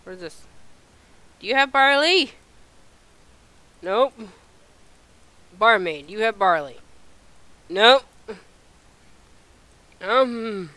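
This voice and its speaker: A woman hosting a casual let's-play video, talking through her game in an animated, exasperated way as she thinks aloud. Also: a little high, extremely slow, long pauses, no echo. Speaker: gameplay video host.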